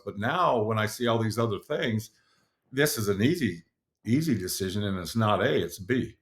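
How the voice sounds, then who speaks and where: A middle-aged man hosting a podcast, giving an earnest motivational solo talk with frequent fillers and restarts. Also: medium pitch. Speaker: podcast host.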